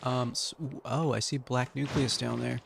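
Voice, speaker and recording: A man streaming a game late at night, talking to himself in a relaxed, muttering way and sounding sleepy. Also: mid-range voice, normal speed, vocal fry, noisy background. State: sleepy, yawning. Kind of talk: casual gameplay commentary.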